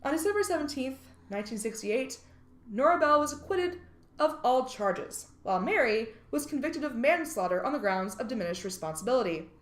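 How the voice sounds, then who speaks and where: A woman hosts a true crime podcast, walking through case facts with a high, very lively voice that swoops up and down. She breaks off into jokes and the odd swear word. The sound is roomy and echoey. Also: a little fast. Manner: reads case details, then jokes and swears. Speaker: podcast co-host.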